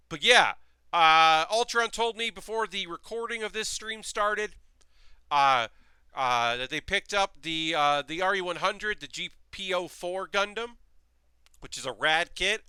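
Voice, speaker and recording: A man's voice: fairly high pitch, bright, forceful tone, smooth, no echo. A man hosting a live stream in casual, rambling chat, reading messages from his chat aloud as he builds model kits.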